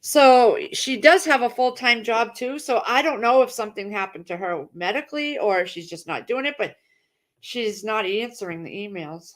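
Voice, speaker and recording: A talkative woman with a slightly raised voice runs a relaxed livestream from her house. She rambles from one thing to the next and calls out hello to viewers by name. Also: a little high, normal speed. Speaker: livestream host. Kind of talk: casual livestream chat. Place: at home.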